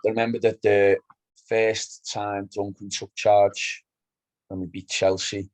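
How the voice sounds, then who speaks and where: A man in casual football podcast chat, telling animated stories and acting out exchanges from the pub. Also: fairly low pitch, no room sound, poor audio. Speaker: podcast co-host.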